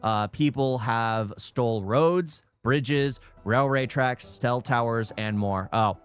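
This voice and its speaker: A man's voice: medium pitch, takes it slowly. Rambling man reacting to a video. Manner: rambling, repeats his own phrases. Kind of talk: casual reaction commentary. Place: home in California.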